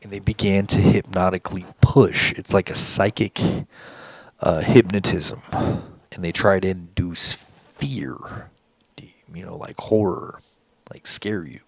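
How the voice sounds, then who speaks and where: A man's voice: sits low, fairly even intonation, takes it slowly, vocal fry, breathy edge, no room sound. A man telling a story in a casual monologue, rambling and intense, swearing often. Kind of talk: casual monologue recounting an encounter.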